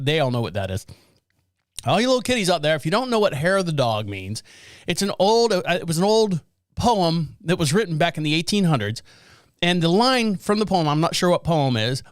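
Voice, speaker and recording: Male podcast host, high smooth voice, dry close sound, sarcastic rambling news riffs. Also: no echo. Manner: sarcastic, rambling, laughs at own jokes. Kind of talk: casual news commentary.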